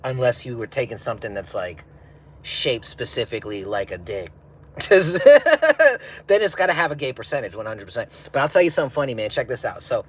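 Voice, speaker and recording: A man's voice: mid-range voice, lively intonation, fast, a bit bright, a little hiss or hum. A man hosting a livestream while stoned, rambling in a slangy way and laughing often as he chats and reads comments. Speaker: livestream host. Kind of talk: casual livestream chat, reading comments.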